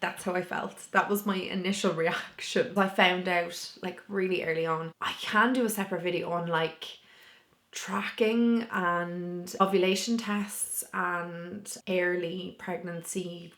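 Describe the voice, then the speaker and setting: Woman vlogger, lowish voice, candid casual chat, roomy echo. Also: steady tone, measured pace, a bit bright. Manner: candid and chatty, with many "like" fillers.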